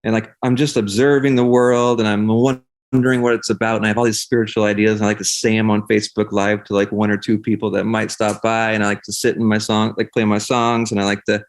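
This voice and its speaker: A young man speaking in a somewhat low voice, chatting loosely as a podcast guest. He rambles through his thoughts with plenty of swearing and filler words. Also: flat delivery, fast. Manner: rambling, profane, heavy use of "like". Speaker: podcast guest, singer and life coach. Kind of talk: casual conversation.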